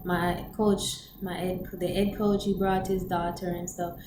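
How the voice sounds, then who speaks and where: A woman telling a story in casual chat on her vlog, animated and laughing often, acting out quotes in a high voice. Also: measured pace, roomy sound, noisy background. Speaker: storyteller vlogger.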